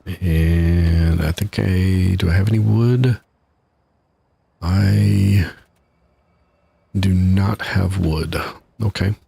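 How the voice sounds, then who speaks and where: A man's voice: sits low, fairly even intonation, extremely slow, gravelly, pauses often, dark tone, husky, no room sound. A man casually commenting while he streams a game live, chatty and laughing at his own troubles from his home setup. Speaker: gaming streamer.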